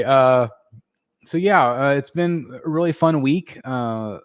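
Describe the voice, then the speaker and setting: A man from the United States hosting a casual live stream, reading out chat and chatting in a relaxed way full of fillers and restarts. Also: medium pitch, slow, dry recording. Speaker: livestream host reading chat. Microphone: desk microphone.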